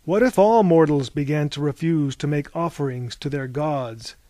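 A man's voice: a little high, moderate pace, mellow, no room sound, natural voice. A man voicing a stern, wrathful goddess queen in an audiobook. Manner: stern, grave.

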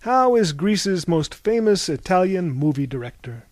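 A man's voice: sits high, sing-song, a little slow, darkish tone, no room sound, studio quality. A man doing an eager, fawning printer. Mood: welcoming. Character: excitable middle-aged male Greek printer.

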